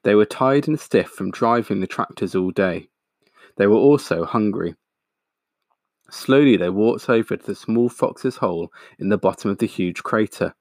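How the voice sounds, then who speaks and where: A man reading a picture book aloud in a steady, expressive way, pointing out the pictures. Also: fairly low pitch, normal speed, dry recording, studio quality. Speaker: storyteller.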